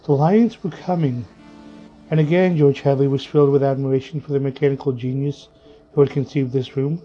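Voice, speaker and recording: A man reading a story aloud in a slow, vivid, measured way. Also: medium pitch, fairly even intonation, mellow. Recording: muffled lo-fi with faint music.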